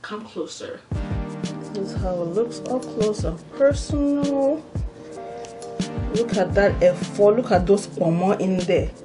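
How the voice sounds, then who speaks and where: A woman's voice: mid-range voice, a little slow, distant mic, loud music behind the voice. A woman with a Nigerian Yoruba accent hosts an eating show in a playful, chatty way, talking straight to her viewers. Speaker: mukbang host. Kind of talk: casual eating-show chat. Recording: roomy echo, voice off-mic.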